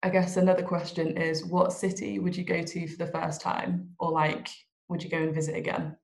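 A woman's voice: lowish voice, level tone, a little fast, vocal fry, darkish tone. Wry woman co-host in an echoey room. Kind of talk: casual chat.

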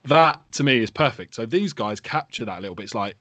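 A man's voice: medium pitch, animated, fast, fairly bright tone, no echo. A man co-hosting a podcast, chatting casually with a rambling, enthusiastic, sweary manner. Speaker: podcast co-host.

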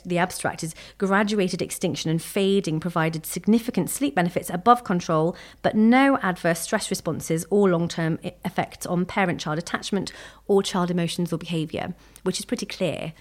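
Fast-talking woman sleep consultant. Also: fairly low pitch. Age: adult parent. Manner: fast, chatty, evidence-focused explaining. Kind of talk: podcast interview.

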